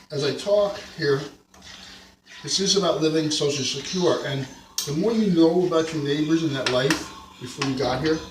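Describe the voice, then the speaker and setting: A man's voice: a little high, slight background noise. A middle-aged man with a North Jersey accent, rambling through stories while cooking at home for a casual vlog. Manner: rambling, digressive storytelling. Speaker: home cook vlogger. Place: home kitchen. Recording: echoey kitchen, mic far off, clattering dishes.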